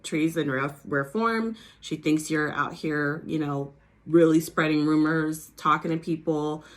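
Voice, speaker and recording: A low-voiced woman casually recaps a reality TV episode, dropping lots of "like" and "you know," and occasionally imitating cast members in an exaggerated New Jersey accent.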